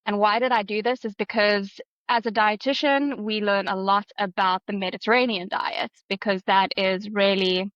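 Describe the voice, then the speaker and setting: A woman's voice: mid-range voice, steady tone, normal speed, hardly any pauses, fairly bright tone, no room sound, highs cut off. A woman in her thirties from South Africa with a South African accent, a dietitian guest on a podcast, friendly and explanatory, laughing easily. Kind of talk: podcast interview.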